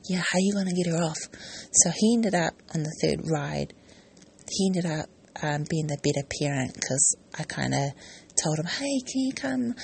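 A woman's voice: on the low side, gravelly, darkish tone, breathy edge. A woman hosting her own podcast, telling a family story in a rambling, chatty way and correcting herself as she goes. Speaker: podcast host. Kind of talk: casual personal podcast monologue.

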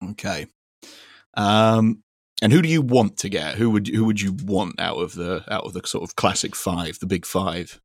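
A man's voice: deep voice, expressive, normal speed, no echo. A man hosting a podcast, chatting casually in a dry, teasing way with lots of fillers. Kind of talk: casual chat.

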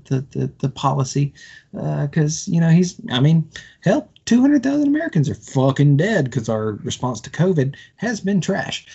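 A man on a podcast, a few drinks in, rants with heavy swearing and stumbling restarts. His voice sits at an average pitch. The audio is dull and lo-fi. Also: a little mellow, slightly rough. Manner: profane, passionate, stumbling restarts. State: has been drinking. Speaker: podcast co-host. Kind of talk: heated casual political rant.

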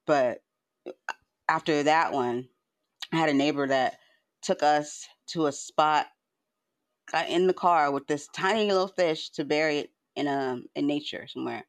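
A livestream host speaks from home at a measured pace, pausing often, his voice on the high side with no echo around it. His casual monologue rambles, repeatedly restarts words, and is full of swearing.

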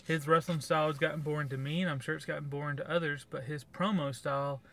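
A man's voice: a little high, fairly even intonation, quick pace, a bit bright. A man co-hosting a podcast, giving blunt, sarcastic opinions in casual review chat. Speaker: podcast co-host.

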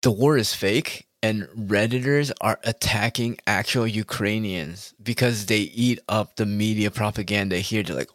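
A man's voice: on the low side, normal speed, no echo, clean studio sound. A man talking straight to his audience in a rambling, heated monologue, full of swearing. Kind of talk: casual ranting monologue.

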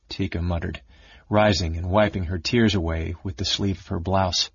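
A man reads a fantasy novel aloud in an expressive, steady way. His voice is low and husky, and the recording is dry and slightly dull, like an older lo-fi audiobook. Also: moderate pace, no room sound. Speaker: audiobook narrator. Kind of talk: dramatic fantasy audiobook narration.

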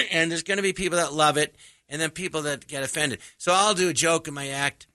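A male comedian chatting on a radio show, animated and acting out quoted lines as he tells stories. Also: fairly high pitch, a little fast, no echo. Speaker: comedian guest. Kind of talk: casual radio chat.

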